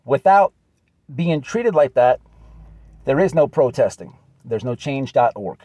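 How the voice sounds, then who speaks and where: A man's voice: medium pitch, big pitch swings, a little slow, warm tone, dry recording. A man giving an earnest, repetitive direct message, often calling the listener "man". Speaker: channel host. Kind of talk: direct address video message.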